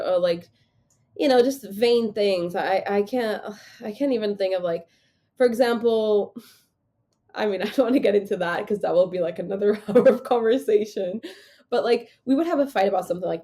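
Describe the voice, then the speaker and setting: A woman speaking as a podcast guest in a casual interview, halting and full of fillers and restarts. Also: mid-range voice, dark tone.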